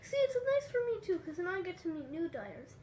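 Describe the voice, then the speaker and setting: High-voiced enthusiastic woman, roomy sound. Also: sing-song, a little fast, darkish tone, far from the mic, a little hiss or hum. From Canada. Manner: enthusiastic, gushing. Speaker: podcast co-host. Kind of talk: casual chat.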